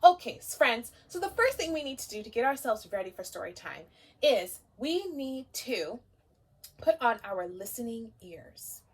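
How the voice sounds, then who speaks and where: A woman teacher leading a story time for young children, gentle and encouraging, talking directly to the kids. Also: on the high side, sing-song, moderate pace, husky.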